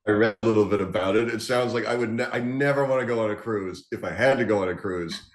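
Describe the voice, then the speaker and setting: Deep-voiced man in a roomy room. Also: quick pace. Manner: conversational, lots of restarts and repeated words. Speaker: podcast co-host. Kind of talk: casual chat. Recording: roomy echo.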